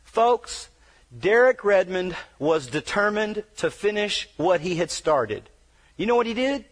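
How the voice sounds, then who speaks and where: A man giving a motivational speech, telling a story dramatically and joking about himself, dropping to a hush and then shouting. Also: high voice. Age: adult wheelchair user, paralyzed from injury. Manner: self-deprecating humor. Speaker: motivational speaker.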